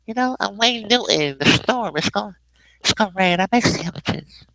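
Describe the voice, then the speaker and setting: A man's voice: sits high, animated, normal speed, vocal fry, bright, forceful tone, voice pushed up, full character voice, poor audio. A man putting on a chatty male sandwich chef who rambles about his sandwiches, padding his talk with "you know". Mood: boastful.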